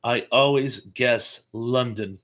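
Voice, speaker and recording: A man's voice: medium pitch, takes it slowly, fairly bright tone. An American man hosting a casual live stream, rambling through stories and reading out viewer comments with fillers and chuckles. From United States.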